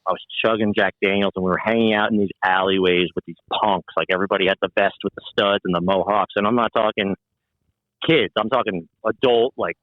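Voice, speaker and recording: A man from New Jersey and New York City, a guest musician telling animated stories in casual chat and swearing freely. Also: lowish voice, fairly quick, dry recording, phone-quality sound. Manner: animated storyteller, acts out quoted voices, swears freely.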